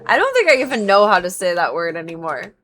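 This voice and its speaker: A woman's voice: on the low side, sing-song, quick pace, a bit bright, a little hiss or hum. A young woman livestreaming a video game, rambling casually and adding playful silly noises between her asides. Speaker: streamer. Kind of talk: casual gaming livestream chat.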